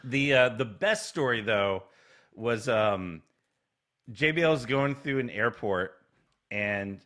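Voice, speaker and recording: A man's voice: mid-range voice, animated, takes it slowly, a bit bright. A man co-hosting a casual podcast, telling stories animatedly and acting out quoted lines with laughter. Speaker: podcast co-host. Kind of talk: casual chat, retelling stories.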